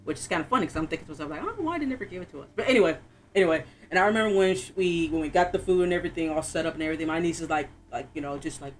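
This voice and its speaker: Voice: mid-range voice, rapid-fire, a little hiss or hum. Chatty streamer telling stories. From Florida, USA. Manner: animated storyteller, laughs often, acts out quotes. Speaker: game streamer. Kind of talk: casual chat while playing.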